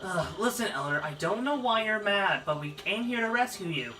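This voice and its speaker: Whiny little creature kid, player doing the voice, high and pleading, game music behind. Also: expressive, normal speed, bright, forceful tone, distant mic.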